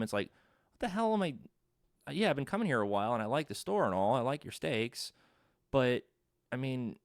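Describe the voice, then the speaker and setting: This is a man in his thirties teaching economics in a loose, conversational way, wandering into asides and letting a swear word slip now and then. His voice sits low. It is recorded close up, with a dry, dead sound. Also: no echo. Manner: informal, chatty, with asides and mild swearing. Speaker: economics lecturer. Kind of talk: casual recorded lecture.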